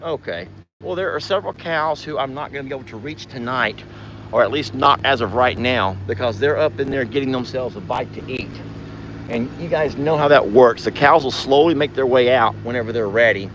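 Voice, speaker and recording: A man hosting a casual ranch vlog outdoors at night, drawling to viewers and cooing in a high sing-song at his cows. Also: fairly quick, a bit bright, a little hiss or hum. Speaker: ranch vlogger.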